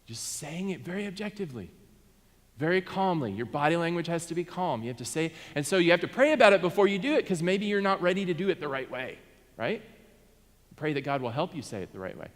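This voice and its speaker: Preaching quickly in a fairly high, sing-song voice, a pastor addresses his flock in a reverberant sanctuary. He draws the congregation in and asks them to answer back.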